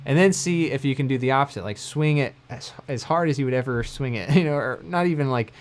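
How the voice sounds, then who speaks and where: A man giving a casual livestream mandolin lesson, talking in a relaxed, rambling way and correcting himself often. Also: mid-range voice, fast. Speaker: mandolin teacher. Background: mandolin playing between phrases.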